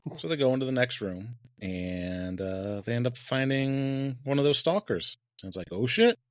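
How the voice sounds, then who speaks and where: A man's voice: medium pitch, moderate pace, no room sound, studio quality. A man co-hosting a podcast, recapping a TV episode in casual chat with wry jokes and frequent laughs. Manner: wry, laughs often, throws in joke bits. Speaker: podcast co-host.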